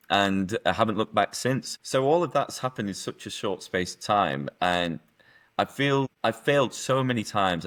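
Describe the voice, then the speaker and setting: Brief: middle-aged guest, low-pitched, earnest, emotional, restarts often. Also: male voice, fairly bright tone. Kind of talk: candid personal story.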